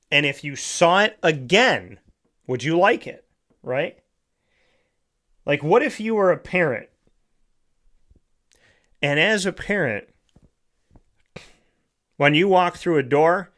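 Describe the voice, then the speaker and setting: A man's voice: mid-range voice, fairly bright tone. Male host, motivational monologue; lectures the listener, leans on rhetorical "right?" asides. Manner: lecturing with rhetorical questions, often asks "right?".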